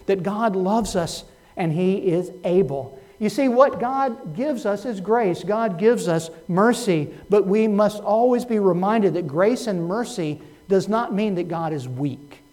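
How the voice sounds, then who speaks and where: A man preaching a sermon, moving between soft, low asides and loud, rising emphasis, telling stories with dry humor. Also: lively intonation, measured pace. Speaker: pastor.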